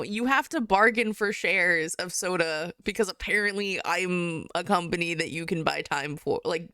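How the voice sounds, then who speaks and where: Bright, crisp-voiced woman chatting on stream. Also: on the low side, moderate pace, hardly any pauses, dry recording, clean studio sound. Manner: chatty and giggly, rambling with frequent laughs. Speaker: artist livestreamer. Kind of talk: casual chat while drawing live.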